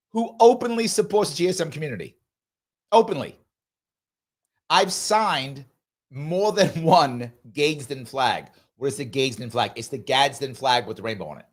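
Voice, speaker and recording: A man hosting a live talk show, giving opinion commentary in an emphatic, preachy way with big jumps in pitch. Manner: animated, sweeping pitch jumps.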